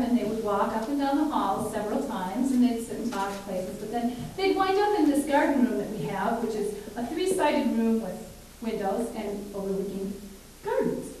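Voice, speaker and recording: A woman casually telling a story from her work at a care home, chatty and halting with many fillers. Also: on the high side, darkish tone. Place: live performance space. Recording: echoey, distant room recording with hiss.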